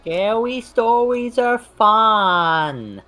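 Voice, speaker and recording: A woman's voice: medium pitch, lively intonation, drawn-out words, pushed and bright, soft background music. A woman voicing a cheerful, childlike character in a tabletop game with a playful manner. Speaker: tabletop player.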